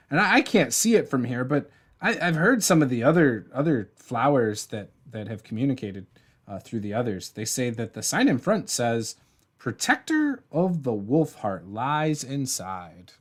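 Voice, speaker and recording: A man voicing a small chatty plant creature in a high-pitched, squeaky voice. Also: big pitch swings, a little slow, slightly rough. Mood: hesitant.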